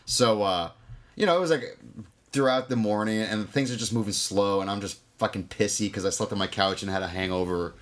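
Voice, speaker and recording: A man's voice: fairly low pitch, a little fast. A man with a New York accent, co-hosting a podcast in casual, rambling, profane chat. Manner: rambling, self-mocking, swears freely. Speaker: podcast co-host.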